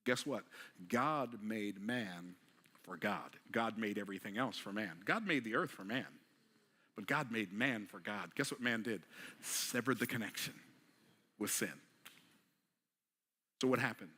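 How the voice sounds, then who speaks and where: Bright-voiced man preaching with rhetorical questions. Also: fairly low pitch, a little slow, long pauses, slightly rough. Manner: rhetorical questions, swings between quiet and emphatic; casual vernacular delivery. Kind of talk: motivational sermon.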